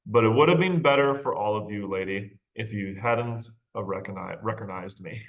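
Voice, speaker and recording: A male teacher reading a calm, courteous outlaw's lines in a quiet, even voice. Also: on the low side, normal speed, natural voice, rough recording. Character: calm soft-spoken male outlaw, oddly polite.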